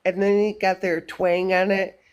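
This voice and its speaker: A woman's voice: mid-range voice, flat delivery, normal speed, clean tone. A woman from Michigan with a Midwestern accent, chatting casually and giggling. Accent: Midwestern American. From Michigan, United States. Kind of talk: casual chat.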